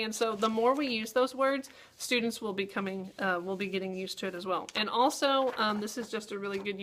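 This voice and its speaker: A woman's voice: medium pitch, sharp tone, slight background noise. A young adult woman teacher modeling a writing lesson, checking in with her listeners with frequent "okay?" and fillers. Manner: upbeat classroom talk with frequent "okay?" checks. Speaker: teacher trainer.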